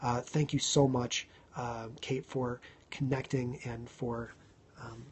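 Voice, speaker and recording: A man around thirty hosting a casual live stream, chatting to viewers, thanking them by name and filling pauses with ums. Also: medium pitch, level tone, a little mellow, slightly rough. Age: 30s.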